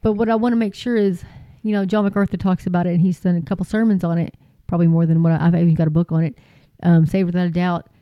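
A woman's voice: on the low side, little pitch movement, fast talker, no echo. Earnest woman preaching to her viewers, folksy, keeps repeating herself, kinda muffled lo-fi sound. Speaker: Christian YouTube preacher. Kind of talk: impassioned informal preaching to viewers.

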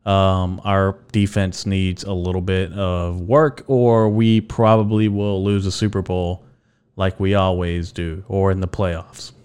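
A man's voice: low voice, little pitch movement, takes it slowly, a little mellow, smooth. A young man hosting his own podcast alone, rambling and joking casually, with lots of fillers and some swearing. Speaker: podcast host. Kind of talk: casual solo podcast chat.

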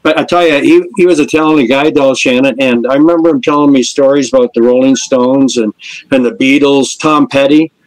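Older man telling lively road stories. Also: medium pitch, brisk, rough recording. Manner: lively storyteller who acts out the people in his stories. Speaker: guest musician, lead singer. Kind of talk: anecdotal storytelling in a podcast interview.

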